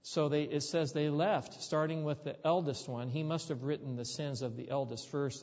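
A man's voice: a little high, steady tone, moderate pace, few pauses, a little mellow, highs cut off. Man preaching in a reverberant hall. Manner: storytelling, conversational, rising to emphatic peaks. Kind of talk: sermon.

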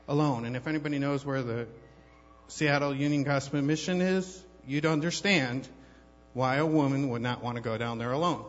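A man with a slightly high voice tells his personal testimony to a church congregation, wandering through the story with lots of fillers and false starts. His voice rings out with a long reverb through the hall. The sound is dull and lo-fi, from a microphone held too far away. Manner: rambling, conversational, many fillers and restarts. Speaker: church member giving a testimony. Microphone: handheld microphone held too far off.

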